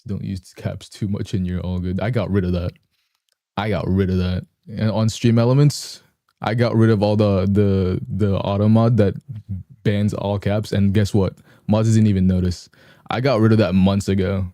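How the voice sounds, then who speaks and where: A young man chatting casually with viewers on a live stream, clearing a morning voice from his throat. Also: fairly low pitch, flat delivery, normal speed, mellow, dry recording, studio quality. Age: young adult.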